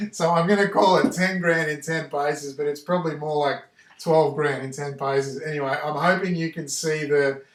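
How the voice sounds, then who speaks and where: A man's voice: fairly high pitch, steady tone, normal speed, recorded from a distance. A middle-aged man, a house painter telling his own story in a casual, rambling way, often repeating and restarting his words. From Australia. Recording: echoey room, voice away from the mic.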